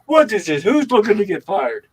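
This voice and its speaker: A man voicing a stingy older male restaurant owner with an Italian accent, loud and demanding. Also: high-pitched, big pitch swings, moderate pace, slightly rough, recorded from a distance, voice pushed up, heavily acted. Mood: angry.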